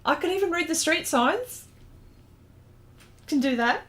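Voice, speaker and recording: Slow-talking Australian woman, chatty. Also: extremely high pitch, very animated, fairly bright tone. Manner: chatty, giggly, hesitant with many ums. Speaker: artist hosting a livestream. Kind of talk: casual chat reading out viewer comments.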